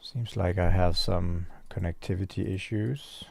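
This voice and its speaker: A man's voice: sits low, steady tone, a little slow, creaky, darkish tone. A man who runs a shop, chatting casually on a livestream, rambling and thinking aloud while reading the chat. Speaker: store owner livestreaming.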